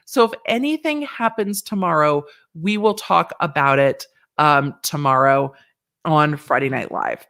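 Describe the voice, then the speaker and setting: A woman's voice: medium pitch, big pitch swings, measured pace, a bit bright. A woman lawyer hosting a casual livestream and chatting with viewers in a rambling, playful way.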